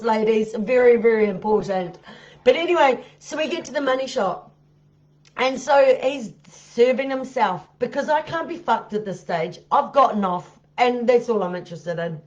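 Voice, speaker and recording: A woman's voice: fairly high pitch, animated, moderate pace, muffled recording. Blunt, foul-mouthed woman on a livestream. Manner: blunt and heavily profane; often laughs at her own story. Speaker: live-stream host. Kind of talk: live-stream storytelling.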